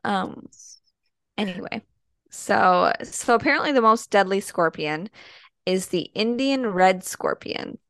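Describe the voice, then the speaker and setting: A woman's voice: medium pitch, lively intonation, takes it slowly, fairly bright tone, dry recording, studio quality. A woman from the American Midwest co-hosting a podcast in casual chat, squeamish and full of fillers. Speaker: podcast co-host.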